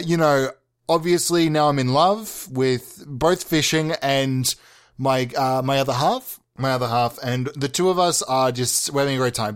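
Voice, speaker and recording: A lovesick, fish-obsessed fisherman, as a young man puts him on, talking in a loose, rambling comedy monologue. The voice sits a little high for a man and swings from deadpan to melodrama. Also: close to an everyday voice. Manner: rambling, deadpan, bursts into overblown drama. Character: earnest, melodramatic male fisherman obsessed with the big catch. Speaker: podcast host.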